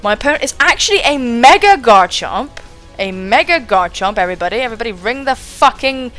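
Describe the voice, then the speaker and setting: A young woman doing excitable live game commentary, thinking aloud and swearing casually. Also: on the high side, fast talker, faint music behind. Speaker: gaming channel host.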